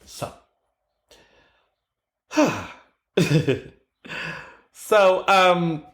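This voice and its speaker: A man hosts his own podcast alone, telling stories with big, animated swings of pitch as he acts out his own reactions. His voice sits a little high for a man. The recording has a noticeable room echo. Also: drawn-out words, slight background noise. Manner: animated storytelling, acting out his own exclamations. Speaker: podcast host. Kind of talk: solo podcast commentary.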